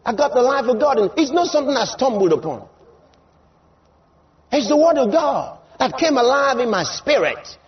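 A preacher man with a very high voice that swings widely in pitch, repeating lines for effect and building to shouts. The recording is slightly dull, with faint room noise behind him. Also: sing-song, normal speed. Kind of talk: sermon.

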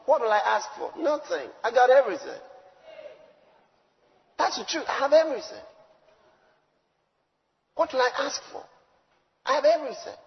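Male preacher, high voice, emphatic sermon delivery, muffled recording with long hall reverb. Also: very animated, moderate pace, gravelly, long pauses. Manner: emphatic, swinging from loud declarations to low asides.

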